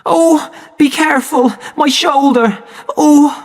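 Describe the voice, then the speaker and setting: Guy doing a shrill upset mom, bitter and tearful, way up high, long echoey reverb. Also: slow. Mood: panicked. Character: distraught bitter woman, a troubled mother.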